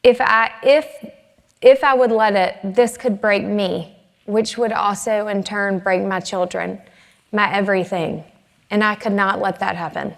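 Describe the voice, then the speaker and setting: Earnest middle-aged woman, gravelly edge. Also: mid-range voice, steady tone, big-room sound. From American South. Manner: earnest, measured, emotional retelling. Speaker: conference speaker. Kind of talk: personal storytelling talk. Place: conference stage in a large hall.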